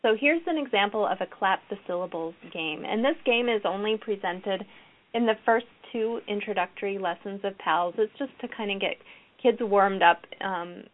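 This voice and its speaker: A woman gives a recorded lecture for teachers, walking through classroom games and acting them out as she goes. Her voice sits at a middle pitch. The audio is thin and phone-like. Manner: explanatory, models classroom activities aloud. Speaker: educator presenting a reading program.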